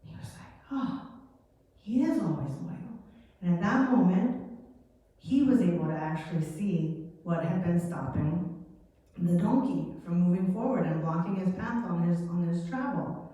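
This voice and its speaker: A woman teaching a children's Sunday lesson, telling a Bible story in a chatty, animated way. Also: lowish voice, normal speed. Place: church hall. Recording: echoey hall from far off.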